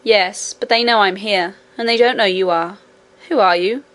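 Storybook miner boy, brisk and hushed, as a woman reads him. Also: medium pitch, natural voice. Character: young miner boy, practical and hurried.

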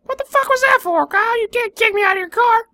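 A man voicing a cocky male space alien in a shrill, squeaky, taunting voice. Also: fast talker, sharp tone, dry recording, full character voice. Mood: outraged. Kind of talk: comedy podcast banter.

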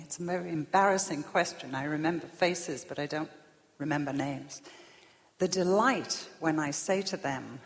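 A woman preaching a sermon, swinging from loud emphasis down to hushed whispers. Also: fairly low pitch, expressive, normal speed, slightly rough. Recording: long reverb of a large hall.

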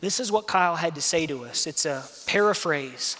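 A male pastor preaching an impassioned sermon, swinging between hushed and loud, in a church sanctuary. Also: fairly high pitch, expressive, normal speed, slight background noise. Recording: reverberant hall.

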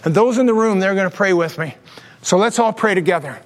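Lively-pitched preacher in a reverberant church. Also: male voice, a little fast. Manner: animated storyteller, mimics voices in quotes. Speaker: pastor. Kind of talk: sermon with storytelling. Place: church sanctuary with long reverb.

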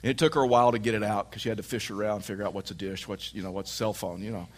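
A man preaching a sermon, telling a lively personal story and acting out his wife's lines. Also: fairly low pitch, racing.

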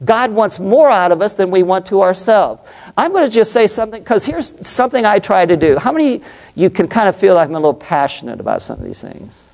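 A man's voice: sits high, big pitch swings, brisk, creaky, a little mellow. A middle-aged man, a pastor and psychologist, preaching a passionate, emphatic sermon and putting questions to the congregation.

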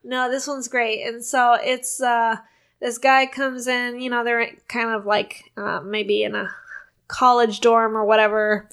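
A woman with a slightly high voice, chatting casually as a podcast co-host. She talks with eager enthusiasm, walking through a comedy sketch bit by bit. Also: level tone, measured pace, fairly bright tone, smooth. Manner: enthusiastic, retells sketches with acted quotes. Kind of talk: casual chat.

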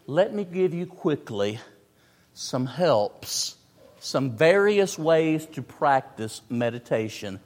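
A man's voice: fairly high pitch, sing-song, slow pace. A man preaching a sermon, emphatic, repeating phrases and stressing words in turn. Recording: long hall reverb.

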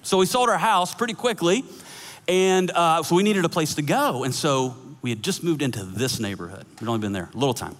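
A man preaching a sermon as pastor, telling a story with animated acted-out dialogue and laughter. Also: fairly high pitch, a little fast. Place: church sanctuary. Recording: long hall reverb.

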